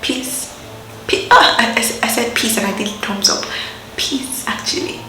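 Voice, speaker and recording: A young woman with a Nigerian accent telling a personal story to her viewers in a lively, chatty way, acting out the voices she quotes. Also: medium pitch, moderate pace, reverberant, soft background music, rough recording. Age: young adult. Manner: animated, acts out quoted voices, laughs often. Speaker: vlogger. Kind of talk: casual storytelling to camera.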